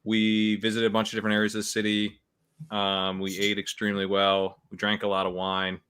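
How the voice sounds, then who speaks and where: Bright-voiced man chatting casually. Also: fairly low pitch, monotone, a little fast, smooth. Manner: rambling, lots of fillers and laughs. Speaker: fantasy football podcast host. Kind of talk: casual live stream chat.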